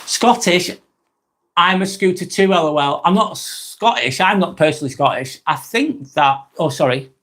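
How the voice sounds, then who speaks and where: Live-stream host: English man, somewhat high voice, casual and rambling. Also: expressive, normal speed, fairly bright tone. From England. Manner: rambling, repeats himself, frequent ums. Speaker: live vlog host reading chat.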